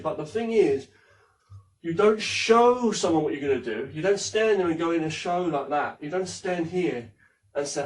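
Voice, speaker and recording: Rambling martial arts teacher, slightly high. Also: male voice, a little mellow. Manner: rambling, demonstrative, swears casually. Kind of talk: casual spoken lesson. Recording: voice from a distance from the mic.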